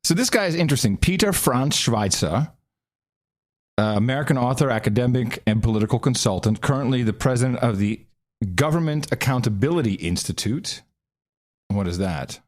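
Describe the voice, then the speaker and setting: A man co-hosting a podcast, trading quick reactions and reading background facts in casual political talk. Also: medium pitch, lively intonation. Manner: quick reactive interjections, reads facts aloud. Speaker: podcast co-host.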